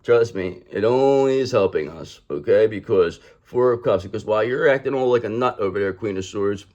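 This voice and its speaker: A man's voice: on the low side, brisk, darkish tone, dull audio. Man giving a blunt tarot reading. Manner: keeps calling the listener "brother" and repeats himself; acts out other people in mocking quoted voices. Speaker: tarot reader. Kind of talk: casual tarot reading monologue.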